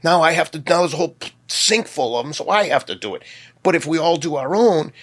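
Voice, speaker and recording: A man in his fifties, a guest, talking candidly and telling personal stories, sometimes acting out his own shouting. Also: expressive, fast. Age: 50s. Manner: acts out his own past yelling in sharp high bursts. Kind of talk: candid conversational storytelling.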